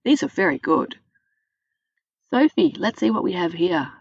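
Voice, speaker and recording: A woman's voice: fairly low pitch, sing-song, measured pace, gravelly, breathy edge, no echo, muffled recording, exaggerated voice. A woman reading a storybook voicing a jolly middle-aged father who drawls delighted exclamations.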